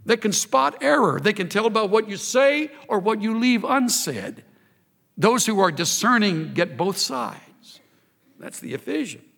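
A man preaching a sermon in an animated, emphatic way, building intensity as he explains a scripture passage. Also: high-pitched. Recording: reverberant hall.

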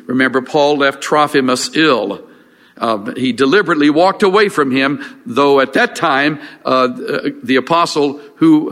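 A man's voice: medium pitch, a bit bright. Older male pastor preaching in a reverberant hall. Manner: earnest, halting with restarts and fillers. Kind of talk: sermon. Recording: long reverb of a large hall.

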